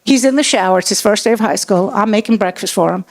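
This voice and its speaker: A woman in her sixties performs profane stand-up on a comedy club stage before a live audience, doing crowd work. Her mid-range voice has a darkish tone and a quick pace, and her storytelling is brash and profane.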